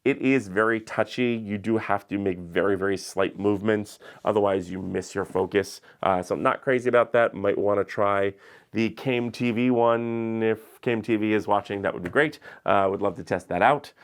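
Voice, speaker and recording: A man with a slightly low voice talks through his video studio setup piece by piece. He's chatty and plain-spoken, dropping frequent "uh"s as he explains each light and camera in a relaxed tour. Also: moderate pace. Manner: chatty, lots of "uh" fillers, explains gear plainly. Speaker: YouTube creator showing his studio. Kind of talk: casual studio tour walkthrough.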